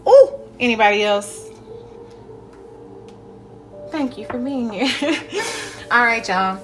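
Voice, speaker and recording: A woman's voice: on the high side, very animated, slow, soft background music. A young woman, talking bluntly and profanely in a candid vlog monologue, laughing often. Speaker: spiritual vlogger.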